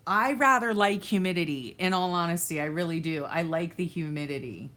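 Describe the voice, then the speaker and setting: On her live stream, a Florida woman briskly reads viewer comments and chats casually, laughing a lot. Her voice sits on the low side and is a bit bright.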